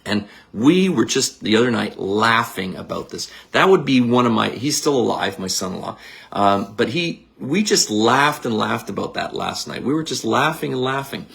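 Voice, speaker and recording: Gravelly man coaching a visualization. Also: mid-range voice, moderate pace. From Canada. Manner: energetic, blunt, coaching and casual. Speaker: psychic medium. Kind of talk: guided visualization talk.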